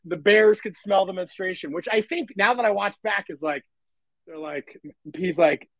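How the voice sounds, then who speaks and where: A man's voice: high-pitched, moderate pace, a bit bright, no room sound, low-quality recording. A man co-hosting a podcast, chatting casually about a comedy film, rambling and often breaking into laughter. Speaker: podcast co-host. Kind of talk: casual movie review chat.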